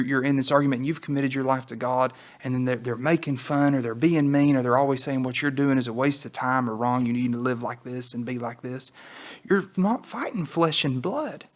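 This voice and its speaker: Man, mid-pitched, earnest and exhorting, conversational Bible teaching co-host. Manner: earnest, exhorting, rising to emphatic peaks.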